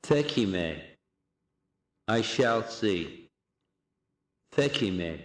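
A man teaches a recorded language lesson, pronouncing each phrase slowly and deliberately before repeating it. His voice sits fairly low. The room around him sounds echoey. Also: expressive. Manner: slow, deliberate drilling of phrases with repetition.

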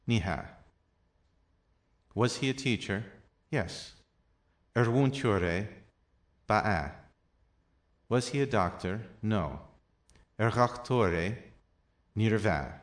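A man teaching a language lesson, reading short phrases in two languages one after another in a measured way. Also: fairly low pitch.

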